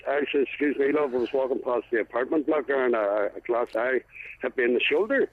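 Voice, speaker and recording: A man with a Northern Irish accent calling in to a radio show, telling a long joke in a halting, deadpan way. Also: mid-range voice, dry recording. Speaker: phone-in caller. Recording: tinny phone line.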